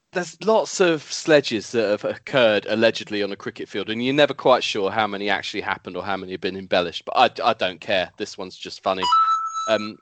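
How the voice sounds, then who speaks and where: A man's voice: on the low side, fairly bright tone, dry recording. A man, the show's usual host, telling a joke story in a laid-back, chuckling way. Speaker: podcast panelist, usual host. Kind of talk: casual podcast anecdote.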